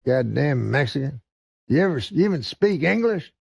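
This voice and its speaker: A man's voice: on the high side, very animated, moderate pace, creaky, darkish tone, breathy edge, no room sound, studio quality, voice pushed up, full character voice. A man doing a rude redneck customer. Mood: belligerent.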